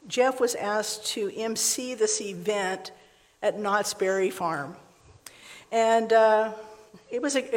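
A middle-aged woman giving a conversational sermon to a women's gathering, telling stories with frequent laughs and acted-out dialogue. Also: mid-range voice. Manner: chatty storytelling, laughs often, acts out dialogue. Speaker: speaker at a women's church gathering. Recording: long reverb of a hall.

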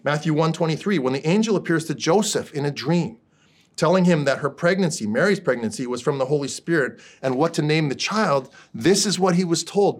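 A man's voice: on the high side, lively intonation, moderate pace. A man preaching a sermon in a conversational way who keeps checking in with his listeners. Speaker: pastor.

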